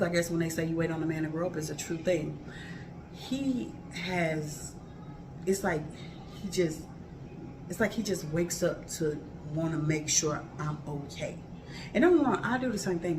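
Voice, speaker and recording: In her home kitchen, a vlogger in her thirties talks to viewers while cooking, her lowish voice set against background noise. She's candid and emphatic, speaking loosely and colloquially and repeating things to drive them home.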